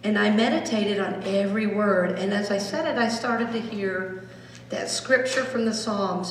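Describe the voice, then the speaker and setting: A middle-aged woman minister giving a storytelling sermon that sinks to a soft hush when she voices prayer phrases. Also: mid-range voice, fairly even intonation, normal speed, a little hiss or hum. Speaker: Unity minister. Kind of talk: sermon with guided meditation. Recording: echoey hall, voice from far off.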